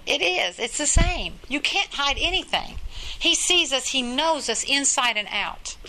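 Woman preacher, earnest and repetitive, higher bright tone. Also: expressive, a little slow, a little hiss or hum, rough recording. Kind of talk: sermon.

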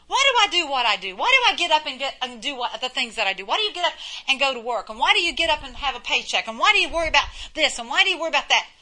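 A woman's voice: high voice, big pitch swings, rapid-fire, hardly any pauses, sharp tone. A middle-aged woman preaching a sermon in a folksy way, full of rhetorical questions and repetition.

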